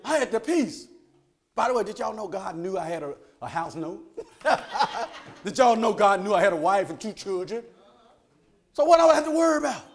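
Guy preaching, high lively voice, folksy, laughing a lot, gets loud then soft. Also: moderate pace, creaky, pauses often. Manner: folksy, animated, laughs often, swings from loud to hushed. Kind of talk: sermon.

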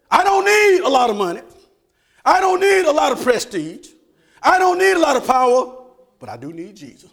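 A pastor in full flow, his voice pitched high for a man and leaping all over its range. He throws out "amen?" to the congregation and drops to near-whispers before building back up to shouts. Delivery rooted in a style. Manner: call-and-response preaching, asks "amen?" often, swings from soft to shouted. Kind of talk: sermon.

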